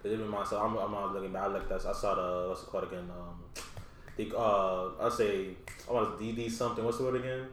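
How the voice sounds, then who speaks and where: A man's voice: fairly low pitch, fairly even intonation, a little fast, fairly bright tone, a little hiss or hum. A man from New York co-hosting a podcast, chatting in a slangy, laid-back way and groping for words. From Westchester, New York. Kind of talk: casual chat. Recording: echoey room, off-mic.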